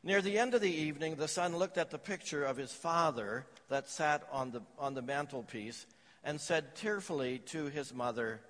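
A man's voice: a little high, normal speed, a bit bright, big-room sound. A man preaching a sermon, telling stories and jokes to his congregation. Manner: storytelling with jokes and anecdotes. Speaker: pastor.

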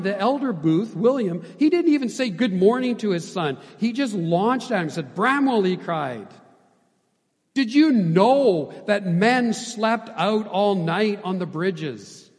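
Impassioned male pastor in a reverberant hall. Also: a little high. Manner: impassioned, swinging from loud to hushed. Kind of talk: sermon.

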